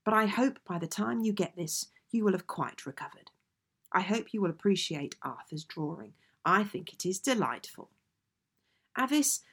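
A woman reading aloud old family letters in a measured, genteel way. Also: fairly low pitch, a bit bright, breathy edge. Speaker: audiobook reader.

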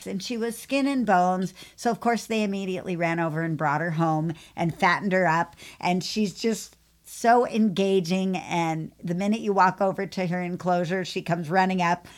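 A woman pet groomer who hosts a podcast, telling a long story in a chatty, animated way. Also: on the low side, normal speed, few pauses. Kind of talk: casual storytelling.

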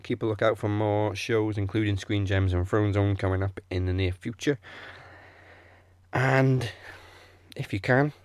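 A man's voice: on the low side, flat delivery, moderate pace, hardly any pauses, a little mellow, dry recording. A man co-hosting a podcast, chatting casually and reading out show plugs and sign-offs. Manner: plugs and reads out show details. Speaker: podcast co-host.

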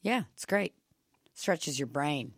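Deep-voiced woman co-host, wry and offhand, close and dry. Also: animated, slow, breathy edge, dry recording. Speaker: comedy podcast co-host. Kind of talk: casual comedy banter.

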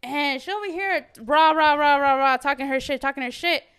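A woman's voice: sits high, fairly quick, a bit bright. A young woman in her twenties on a podcast, telling a profane story in casual chat and acting out the quotes. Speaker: podcast co-host.

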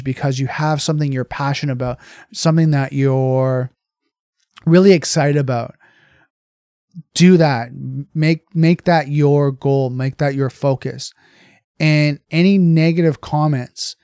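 A man's voice: fairly high pitch, darkish tone, clear, resonant tone, no echo, clean studio sound. A man, a video creator, giving earnest, casual motivational advice to camera and often restarting his phrases. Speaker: cybersecurity content creator.

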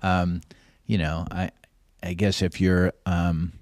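A man's voice: sits low, level tone, slow pace, darkish tone, no room sound. A middle-aged man, a podcast guest, telling rambling anecdotes in a casual way and acting out the voices of people he quotes.

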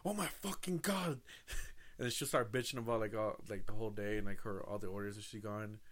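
A man in casual podcast chat, crude and lively, telling stories with mimicry. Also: fairly low pitch, quick pace.

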